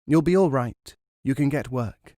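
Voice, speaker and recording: A man's voice: medium pitch, a little slow, dark tone, no room sound, clean studio sound, voice pushed up, lightly acted. A male narrator voicing a careful, anxious woman who works as a housekeeper, speaking urgently and soothingly.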